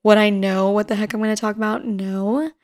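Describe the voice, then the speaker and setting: Medium-pitched and darkish in tone, this woman speaks briskly with fairly even intonation. She's in her twenties, hosting her own podcast, rambling casually through stories with many fillers and laughing now and then.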